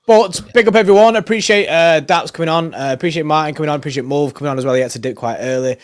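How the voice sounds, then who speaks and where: A man's voice: fairly high pitch, very fast, no echo, clean studio sound. A man hosting a casual football panel chat, laid-back and laughing often. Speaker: panel show host.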